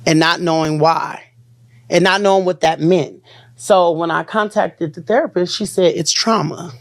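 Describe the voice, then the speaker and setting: An interview guest recounting a painful experience in an earnest, halting way, with sentences that trail off and start again. The voice sits mid-pitch, and the recording is dry and close with no room sound. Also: steady tone, no echo. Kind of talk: emotional personal account in an interview.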